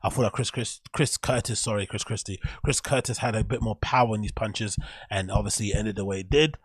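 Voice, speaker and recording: A man's voice: lowish voice, a little fast, breathy edge, dry recording. A young man with an English accent, hosting a casual solo show and ranting with frustration and frequent swearing. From England. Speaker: show host.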